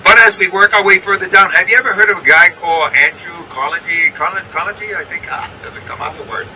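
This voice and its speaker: A man's voice: sits high, fast, bright, forceful tone, distant mic, a little hiss or hum, poor audio. A man with a New York accent guiding a bus tour, chatty and checking in with his listeners as he points out sights from a moving vehicle. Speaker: tour guide. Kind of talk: guided bus tour narration.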